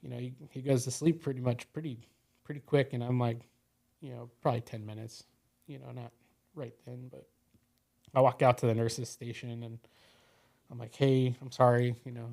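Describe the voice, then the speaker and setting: A man's voice: medium pitch, level tone, moderate pace, vocal fry, long pauses, dark tone. A man as a podcast guest, telling a personal story in a loose, casual way, full of "you know" and "like".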